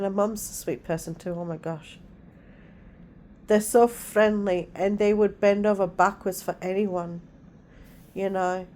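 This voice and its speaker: Middle-aged woman vlogger, easygoing home chat, soft soothing delivery, faint noise in the background. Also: mid-range voice. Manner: calm, soothing way of talking. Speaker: vlogger and mother. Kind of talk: casual chat vlog.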